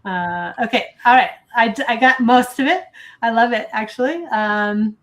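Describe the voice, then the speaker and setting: Earnest woman reading aloud softly. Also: fairly high pitch, moderate pace. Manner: earnest, gets emotional while reading. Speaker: show host. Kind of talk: reading aloud and casual chat. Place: studio.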